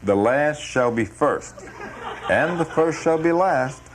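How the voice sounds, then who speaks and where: An actor playing a deadpan, unflappable office worker in his fifties, answering with dry, literal replies in a comedy script reading. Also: on the high side, takes it slowly, crowd noise. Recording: noisy background.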